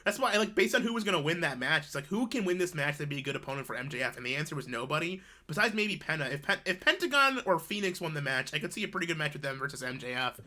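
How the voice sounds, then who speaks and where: A co-host on a casual wrestling discussion stream, giving quick, sarcastic commentary. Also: medium pitch, lively intonation, sharp tone. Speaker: podcast co-host.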